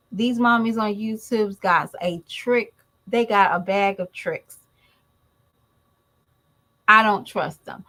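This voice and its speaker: Blunt, unhurried woman giving her commentary. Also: medium pitch, fairly bright tone, poor audio. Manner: blunt, emphatic, talks straight to the viewers. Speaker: mother and YouTube commentator. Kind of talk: opinionated commentary vlog.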